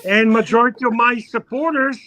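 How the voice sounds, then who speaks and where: A man's voice: very high voice, steady tone, brisk, bright, forceful tone. A man hosting a casual live stream chat about watches, teasing and boastful, with a home studio mic. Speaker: host.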